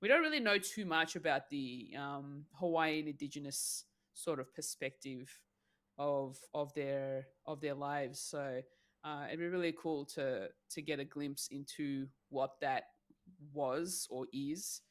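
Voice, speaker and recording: A woman with a low-pitched voice co-hosts a podcast, offering her take in an unhurried, casual and thoughtful way with plenty of fillers.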